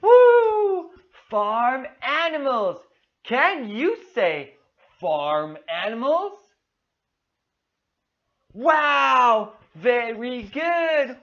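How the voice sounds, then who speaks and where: A woman's voice: high-pitched, highs cut off. A woman teaching a demo English lesson to a young child, giving over-the-top praise, drawing out her words and making animal noises. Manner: exaggerated, enthusiastic praise; slow, drawn-out words.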